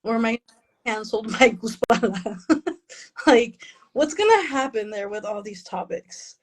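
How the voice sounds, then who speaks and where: Chatty woman, high voice, laughing. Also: animated, unhurried, husky, rough recording. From Mexican family, raised in the US. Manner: chatty, self-deprecating, laughs often, slips into Spanish phrases. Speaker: author, interview guest. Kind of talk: casual interview chat.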